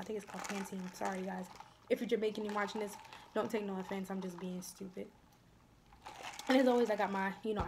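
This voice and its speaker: A young woman chatting casually to her viewers while eating on camera, often dropping her voice to soft, near-whispered asides. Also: mid-range voice, creaky, slight background noise. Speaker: mukbang vlogger.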